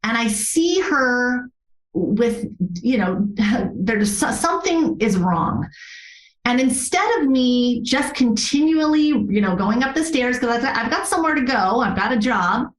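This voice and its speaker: A woman's voice: on the high side, expressive, measured pace, roomy sound, low-quality recording. A woman who works as a yoga therapist tells a personal story as a podcast guest. She speaks earnestly and from the heart, often restarting her sentences.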